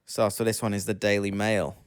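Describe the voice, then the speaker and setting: A man's voice: fairly low pitch, level tone, a little fast, clean tone, no echo. A man co-hosting a spooky news podcast, reading stories aloud in a dry, matter-of-fact way with small stumbles. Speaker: podcast co-host. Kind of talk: casual chat and news reading.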